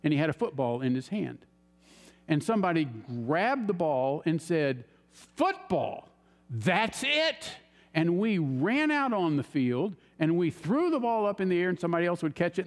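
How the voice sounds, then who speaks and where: Guy preaching, kinda high voice, big echoey church hall, tells stories w/ lots of jumps in his voice. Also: fairly quick. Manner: animated storyteller, voices his own inner reactions. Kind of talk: sermon storytelling. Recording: long hall reverb.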